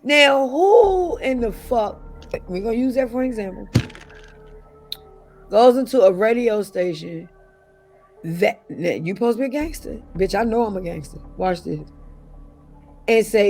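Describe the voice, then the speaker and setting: A woman's voice: a little high, animated, measured pace, long pauses, darkish tone, soft background music. A middle-aged woman as an interview guest, talking bluntly and profanely, with mocking impressions of other people. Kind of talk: casual interview talk.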